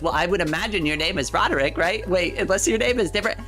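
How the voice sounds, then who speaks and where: A woman's voice: on the low side, fast, few pauses, a bit bright, soft background music. A woman livestreamer in casual chat, talking straight to her viewers, giggling often and repeating words as she thinks.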